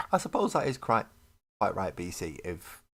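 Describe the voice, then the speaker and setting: A man's voice: lowish voice, wildly swooping pitch, a little slow, husky. A British man streaming while he paints miniatures, reading lore aloud and adding dry, joking asides. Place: home hobby desk.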